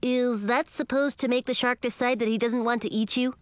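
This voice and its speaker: A woman's voice: on the high side, fairly even intonation, brisk, dry recording, pitched above the performer's own voice, lightly acted. A woman reading an audiobook, voicing a talkative, know-it-all little male crab who rambles fussily. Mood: doubtful. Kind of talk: audiobook character voice.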